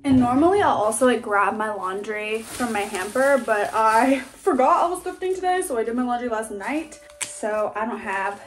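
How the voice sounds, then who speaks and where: A woman's voice: on the high side, lively intonation, normal speed, hardly any pauses. A young woman narrating a day-in-my-life vlog, bubbly and chatty with trendy slang and frequent laughs. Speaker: vlogger. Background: music.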